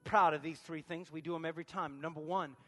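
A man preaching a sermon as pastor of a church, moving from quiet talk to shouted passages. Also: fairly high pitch, fairly even intonation, fast, long reverb tail, faint music behind.

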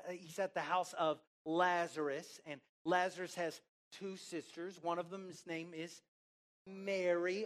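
A preacher giving a sermon with emphatic, drawn-out words, swinging between loud and soft, who asks the congregation questions and has them repeat phrases. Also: medium pitch.

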